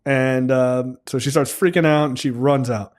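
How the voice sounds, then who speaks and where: A man co-hosting a film podcast, retelling the plot in a casual, filler-heavy way and jumping into high voices when he quotes the characters. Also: steady tone, moderate pace. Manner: profane, filler-heavy storytelling.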